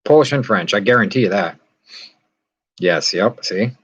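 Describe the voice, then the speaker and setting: A man's voice: lowish voice, lively intonation, normal speed, a bit bright, slightly rough, muffled recording. A man hosting a casual live stream from inside a yurt, rambling and chatting as he answers viewer comments. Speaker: vlog host.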